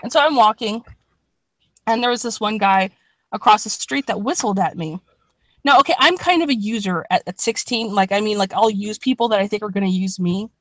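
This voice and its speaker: A woman's voice: medium pitch, a little fast, no echo. Young woman, rambling storyteller, swears a lot, dry close mic. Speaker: podcast co-host. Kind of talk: casual storytelling chat.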